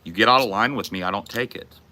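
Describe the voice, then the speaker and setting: A man's voice: on the low side, quick pace, bright, forceful tone. A man hosting a casual chat with viewers, talking in a blunt, profane and emphatic way. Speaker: streamer host.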